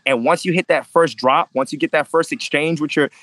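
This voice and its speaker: A man's voice: a little high, steady tone, a little fast, fairly bright tone, poor audio. A man who fights professionally, telling stories in a casual interview with intensity and freely dropped swear words. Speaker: MMA fighter, interview guest.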